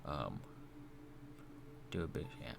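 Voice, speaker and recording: A man streaming live, rambling through a mock-tearful fake apology in a deadpan, stammering way. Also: slow pace, over loud music. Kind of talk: mock-tearful livestream banter.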